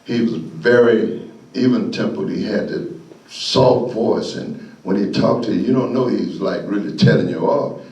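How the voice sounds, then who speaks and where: Older man, guest speaker, folksy animated storyteller, lowish voice, mic far off in a reverberant hall. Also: unhurried. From Florida, USA. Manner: folksy, animated, laughs often. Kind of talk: storytelling speech. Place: meeting hall. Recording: echoey room, voice from afar.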